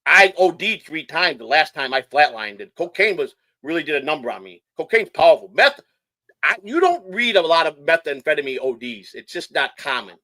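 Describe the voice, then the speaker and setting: A middle-aged man from Chicago telling hyper, rapid stories in casual chat, swearing freely. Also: fairly high pitch, bright, forceful tone, no room sound. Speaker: guest.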